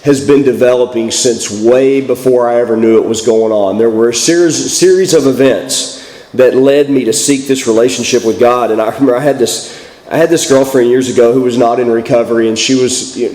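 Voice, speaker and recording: A man with a Texan accent, hoarse from a head cold, giving a folksy, self-deprecating personal recovery talk at a church meeting. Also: mid-range voice, a little mellow. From Texas. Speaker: guest speaker at a recovery meeting. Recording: echoey hall.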